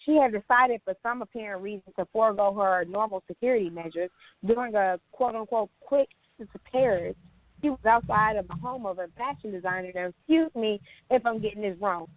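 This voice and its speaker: A woman's voice: medium pitch, brisk, no echo. A woman co-hosting a casual podcast, recapping celebrity news in a chatty way and laughing often. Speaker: podcast co-host. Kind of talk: casual chat. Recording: tinny phone-like line.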